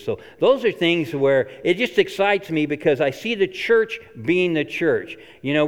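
A pastor preaching a sermon in a church, earnest and emphatic, repeating phrases for stress. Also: male voice, fairly high pitch, clean tone. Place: church sanctuary. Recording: long reverb of a church hall.

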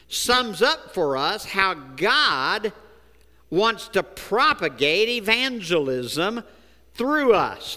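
Slow, clear-voiced preacher in an echoey hall. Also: male voice, sits high, sharp tone. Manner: slow, folksy storytelling, deliberate emphasis. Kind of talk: sermon.

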